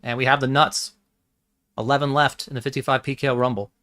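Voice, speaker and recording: Guy muttering to himself while streaming poker, dry jokes, mid-pitched. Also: fairly even intonation, quick pace, sharp tone. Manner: muttering, wry, thinks aloud. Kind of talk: casual live-stream commentary.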